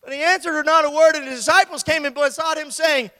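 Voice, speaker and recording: A preacher delivers a sermon in a bright, sharp voice. The talk is conversational, driven by rhetorical questions and sudden shouts. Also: high voice, fairly even intonation, quick pace, hardly any pauses, no room sound.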